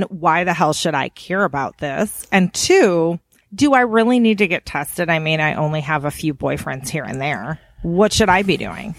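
A woman's voice: lowish voice, no echo, clean studio sound. A woman voicing a divorced middle-aged woman who is dating casually and asks naive questions in a mock accent.

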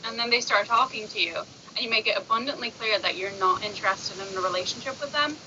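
A woman's voice: medium pitch, brisk, few pauses. A woman chatting casually, telling sarcastic stories and acting out both sides of each exchange. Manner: animated, sarcastic storyteller who acts out exchanges. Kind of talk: casual chat. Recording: muffled recording with faint noise.

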